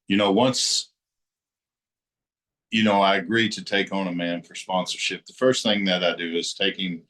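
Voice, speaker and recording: A man's voice: sits low, a bit bright, rough recording. A man on a recovery panel explaining how he guides the men he sponsors, plainspoken and folksy. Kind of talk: casual explaining.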